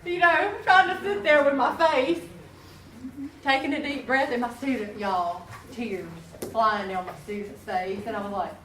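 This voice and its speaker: Nursing instructor, lively classroom storyteller, distant mic in an echoey room. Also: female voice, fairly high pitch, unhurried, a little hiss or hum. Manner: folksy, animated storyteller who talks straight to the class.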